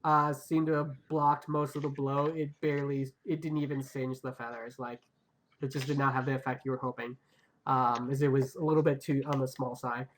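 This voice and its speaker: A woman's voice: extremely low pitch, level tone, fairly quick, a little hiss or hum. A woman acting as game master of an online tabletop game, talking over a video call with many fillers and hesitations. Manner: hesitant, filler-heavy, laughs often.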